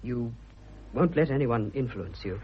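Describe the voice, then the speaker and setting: Brief: actor playing eager young suitor, husky, bluff and fervent, lively swinging pitch, dull old radio sound. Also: male voice, a little slow, very noisy, natural voice. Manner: bluff, fervent, stammering when moved. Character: eager young male suitor, blunt and boyish. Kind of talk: vintage radio drama acting.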